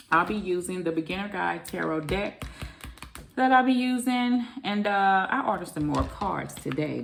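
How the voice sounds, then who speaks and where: A woman's voice: fairly low pitch, gravelly, fairly bright tone, slight background noise. A middle-aged woman, doing a chatty casual tarot reading and calling her viewers baby and honey. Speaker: tarot reader.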